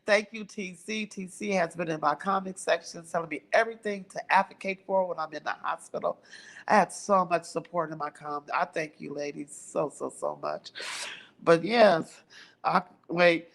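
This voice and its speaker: An older woman hosting a casual livestream chat with viewers, telling stories in an animated way and laughing often. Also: lowish voice, moderate pace, vocal fry. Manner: laughs often, animated storytelling with lively quoted voices. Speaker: livestream host.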